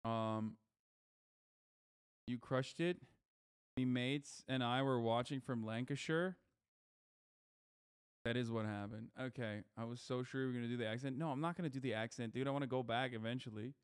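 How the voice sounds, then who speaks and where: A man's voice: medium pitch, steady tone, a little fast, clear, resonant tone. A man streaming live, reading chat and talking loosely and profanely with lots of fillers. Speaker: streamer host. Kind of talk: casual livestream chat, reading chat messages.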